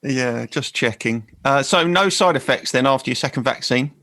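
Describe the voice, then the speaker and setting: A man's voice: medium pitch, moderate pace, bright, forceful tone. A man co-hosting a podcast, teasing his partner with dry, leading questions in casual chat. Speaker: podcast co-host.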